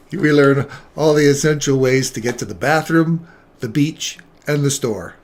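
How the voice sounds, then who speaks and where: A man's voice: mid-range voice, slow pace. A man hosting a live trading stream, chatting casually and joking with viewers by name.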